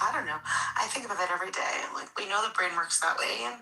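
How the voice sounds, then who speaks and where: A woman's voice: mid-range voice, fast talker, sharp tone, slight background noise. A woman musing wryly and at length in a casual group voice chat. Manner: reflective, wry, talks at length. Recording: roomy echo.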